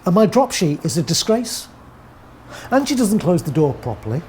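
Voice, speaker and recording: Deadpan English woman telling a story. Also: lowish voice, normal speed, slight background noise. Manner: deadpan, wry, rambling. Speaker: narrator. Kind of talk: first-person comic monologue.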